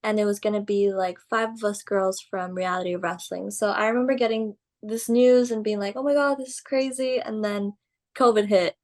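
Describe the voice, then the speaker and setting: A woman's voice: medium pitch, normal speed. Chatty young woman telling a story. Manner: animated, full of "like" and "um", laughs through stories. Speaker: guest, pro wrestler. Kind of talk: casual interview storytelling.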